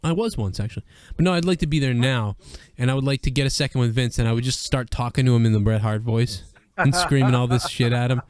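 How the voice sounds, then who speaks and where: A young man co-hosting a crude, rambling chat, often breaking into loud put-on voices. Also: medium pitch, fast. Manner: rambling, slips into shouted wrestler impressions. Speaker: podcast co-host.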